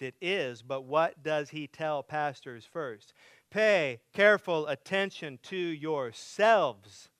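Man preaching with loud, hushed swings. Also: fairly high pitch, clean tone, dry recording. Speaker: pastor. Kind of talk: sermon.

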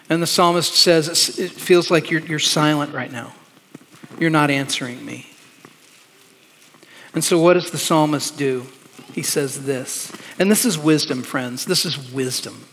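A man preaching a sermon in a church, his voice sitting a little higher than most men's. He is earnest and emphatic, stretching out key words. A long reverb from the large hall trails behind him. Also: fairly even intonation, moderate pace, a bit bright. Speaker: pastor.

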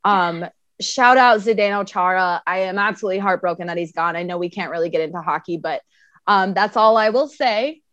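A woman from Wisconsin, a guest telling lively, animated stories in casual chat. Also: medium pitch, a little fast, no room sound, dull audio. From Wisconsin, near the Minnesota border.

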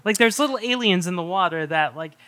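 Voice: medium pitch, lively intonation, quick pace, bright, forceful tone. A co-host in a casual film review chat who chimes in often and talks loosely. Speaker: podcast co-host.

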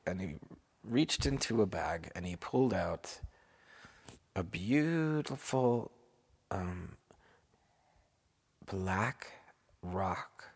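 Slow, gravelly man telling a bedtime story. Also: sits low, animated. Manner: unhurried, asks the children questions. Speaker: parent telling a story to his children.

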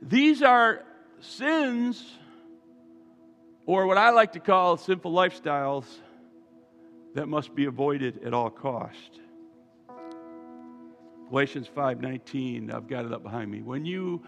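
Fervent pastor preaching in an echoey church. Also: male voice, mid-range voice, unhurried, creaky, long pauses, faint music behind. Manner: fervent, swings from soft asides to loud emphatic calls. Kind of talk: sermon. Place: church sanctuary.

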